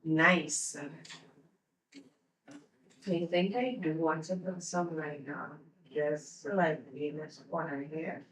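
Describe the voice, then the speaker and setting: Slow-talking woman doing a makeup tutorial. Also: deep voice, fairly even intonation, fairly bright tone, roomy sound, far from the mic, low-quality recording. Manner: slow, chatty step-by-step instructions. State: teary-eyed. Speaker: beauty vlogger. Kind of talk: casual makeup tutorial talk.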